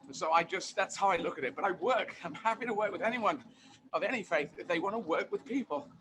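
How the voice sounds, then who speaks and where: A man being interviewed as a guest comedian, talking in an animated, emphatic way and repeating phrases for effect. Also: sits high, quick pace, noisy background. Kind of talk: casual interview chat.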